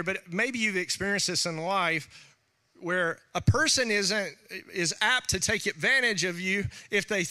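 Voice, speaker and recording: Man, pastor, sermon, high voice, bright tone, animated, laughing asides, middle-aged.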